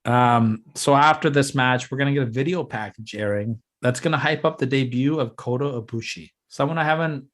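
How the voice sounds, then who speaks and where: A man's voice: medium pitch, fairly quick, hardly any pauses. Podcast co-host, male, chatty and teasing, explains his booking plans with energy. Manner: excited, teasing, lays out plans step by step. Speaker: podcast co-host booking a fantasy wrestling show. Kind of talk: casual chat.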